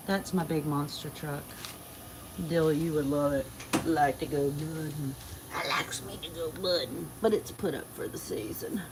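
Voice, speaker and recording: Slow folksy woman. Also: mid-range voice, sharp tone, slight background noise. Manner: folksy, drawling, talks to her animals. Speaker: livestream host. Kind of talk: casual livestream chat.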